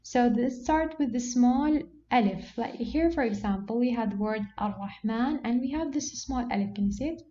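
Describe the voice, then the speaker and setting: A woman teaching a Quran reading lesson, patient and explanatory, who often says okay and slows down to model words. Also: fairly high pitch, warm tone. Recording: dull lo-fi sound with faint background noise.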